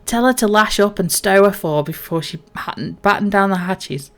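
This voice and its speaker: A woman voicing a gruff old male pirate sea captain who slurs his words as if drunk. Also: mid-range voice, moderate pace, fairly bright tone, lightly acted. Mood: blustering. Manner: slurred pirate bluster.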